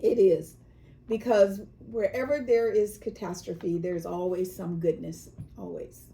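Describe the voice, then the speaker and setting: A woman from California co-hosts a relaxed chat, her voice mellow and warm. She tells news stories at an easy pace and slips into quick voices for the people she quotes. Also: mid-range voice, gravelly, slight background noise, rough recording. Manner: storytelling, acts out quoted voices. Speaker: co-host. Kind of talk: casual chat.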